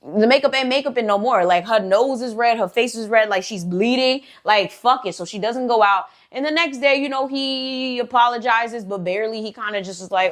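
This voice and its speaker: A woman's voice: on the high side, normal speed. Chatty slangy woman telling a story. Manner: chatty, slangy, lots of "like" fillers, swears freely. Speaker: storytime channel host. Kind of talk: casual storytelling to camera.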